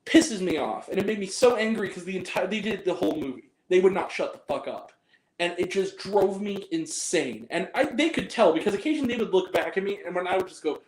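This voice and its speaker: A high-pitched man hosts a movie review channel, ranting hotly and swearing freely. He circles back and repeats himself as he vents. The room around him rings with noticeable echo. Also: animated, fairly quick. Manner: profane, heated, repeats himself. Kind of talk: angry ranting vlog monologue. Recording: roomy echo.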